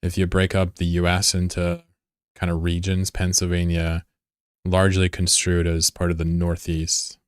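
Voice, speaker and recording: A man with a low voice talks in loose, rambling live-stream chat, joking and swearing as he runs his game fleet. His delivery is casual and offhand. The sound is dry and close on a desk microphone. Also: monotone, normal speed, clear, resonant tone, dry recording.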